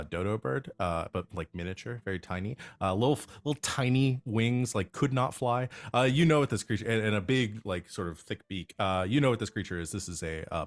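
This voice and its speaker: A man narrating a tabletop game as game master, rambling with many fillers. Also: deep voice.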